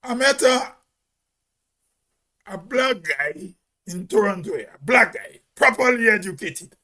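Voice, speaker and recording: A man's voice: sits high, lively intonation, a little slow, sharp tone. A man, hosting his own channel, tells a story in a rambling casual monologue, repeating and restarting his phrases. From Grenada. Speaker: channel host. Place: Toronto.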